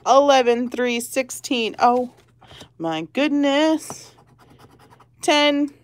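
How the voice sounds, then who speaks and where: Giggly woman slowly calling out numbers. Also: sits high. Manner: giggly, calls out numbers one by one. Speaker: lottery channel host. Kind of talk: casual chat while scratching tickets.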